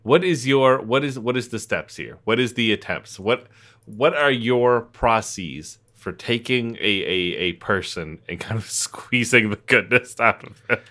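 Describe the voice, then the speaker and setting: A man co-hosting a comedy podcast, talking in casual, profane banter and laughing often. His voice is bright and ringing, and his pitch swings widely as he tells a story. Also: expressive, measured pace. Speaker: podcast co-host.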